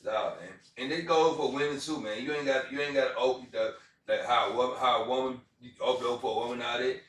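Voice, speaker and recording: A man's voice: mid-range voice, quick pace. Man, loose rambling street-style preaching, far off in a very echoey room. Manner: rambling, repeats phrases, many fillers. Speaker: informal preacher. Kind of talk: casual street sermon.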